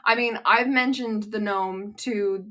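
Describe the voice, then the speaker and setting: A woman with a Canadian accent co-hosting a podcast, chiming in with quick comments and laughs in casual chat. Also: mid-range voice, fairly even intonation, sharp tone. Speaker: podcast co-host.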